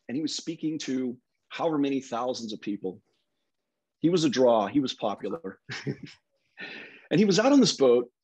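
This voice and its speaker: Husky, high, lively-voiced preacher man. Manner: conversational storytelling. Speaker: minister. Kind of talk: sermon.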